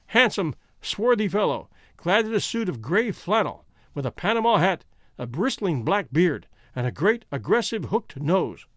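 A man narrating an audiobook story in a steady storytelling manner, close to the mic. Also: high voice, no room sound.

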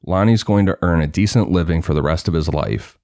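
A man reading as a calm, cold male kidnapper. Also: deep voice, fairly quick, no echo, studio quality. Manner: dispassionate, calm, menacing.

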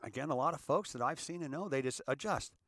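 A middle-aged man from California holds forth in a loose, wandering monologue, now and then acting out other people's lines. His voice sits at an everyday pitch and is heard close up in a dry, dead room. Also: fast talker, no room sound. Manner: rambling, animated, acts out little scenes. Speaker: host. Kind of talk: casual monologue.

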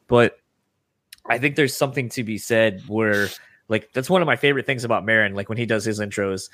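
A man's voice: on the low side, brisk, a bit bright, a little hiss or hum. A man co-hosting a podcast in casual chat, talking candidly in a rambling way and swearing casually. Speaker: podcast co-host.

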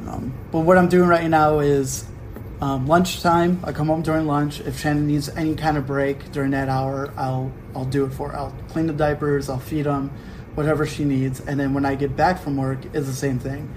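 A young man chats on his home podcast, telling a story in an animated way and acting out bits of dialogue. His voice sits a little high. A faint hiss runs under the recording. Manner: animated storytelling with quick put-on quotes. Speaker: podcast host. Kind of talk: casual chat.

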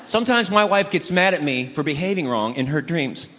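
A man's voice: a little high, lively intonation, fairly quick, big-room sound, noisy background. A man performing a stand-up routine before a live audience, acting out both sides of married bickering with big comic outbursts. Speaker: stand-up comedian. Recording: live club recording with crowd laughter.

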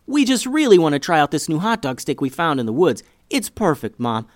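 A man performs a quick, eager young boy, pitching his voice above his own natural range to a little high, with big pitch swings. The recording is studio quality with no room sound.

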